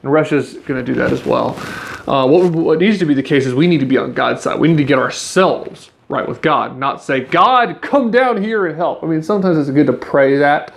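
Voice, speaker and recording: A man's voice: mid-range voice, brisk, gravelly. A man hosting a podcast, casually commenting on the news and reading articles aloud in a conversational way. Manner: conversational, restarts and fillers, speaks to listeners as guys. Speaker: podcast host.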